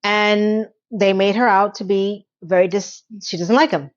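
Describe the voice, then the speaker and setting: A woman giving a casual, opinionated TV recap, chatty and rambling with quick asides, now and then acting out lines from the show. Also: mid-range voice, fairly even intonation, muffled recording. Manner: acts out characters' lines in quick quotes. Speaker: TV recap reviewer.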